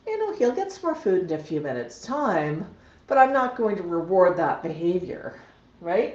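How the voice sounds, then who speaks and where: A woman's voice: lowish voice, big pitch swings, normal speed, darkish tone. A woman hosting a casual livestream from home, cooing to her pet parrots and chatting plainly to viewers. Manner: coos and baby-talks to her birds, then chats plainly. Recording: dull, roomy home recording.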